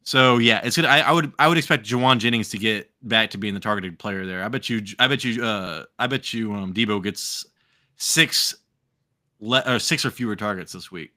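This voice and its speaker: A man's voice: fairly low pitch, normal speed. An American man co-hosting a live fantasy football show, rambling and swearing casually while drinking. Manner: profane, rambling, animated. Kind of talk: casual live podcast chat.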